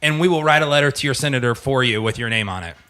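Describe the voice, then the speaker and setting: A man who teaches middle school history is a guest in a podcast studio with guitars and amps, chatting casually in an interview and laughing often. His medium-pitched voice is rapid-fire, pushed and bright, speeding up when he jokes.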